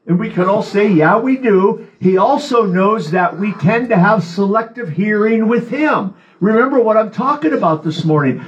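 High-voiced man preaching a sermon. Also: muffled recording. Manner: earnest preaching with repeated phrases. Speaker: pastor. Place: church podium.

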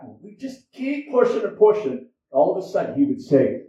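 A man's voice: sits high, sing-song, moderate pace, warm tone. A man preaching a sermon as pastor, in a conversational style that repeats its points. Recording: echoey, dull sound from far off.

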